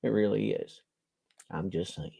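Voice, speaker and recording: A man's voice: on the low side, fairly even intonation, unhurried, gravelly, warm tone, husky. A man, a preacher hosting a charity live stream from home, rambling and joking and laughing at his own lines. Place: home, indoors.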